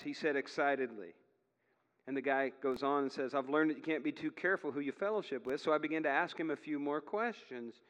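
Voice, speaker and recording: Animated man preaching in a reverberant hall. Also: mid-range voice, fairly quick. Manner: animated storytelling, rising to near shouts. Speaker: pastor. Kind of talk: sermon.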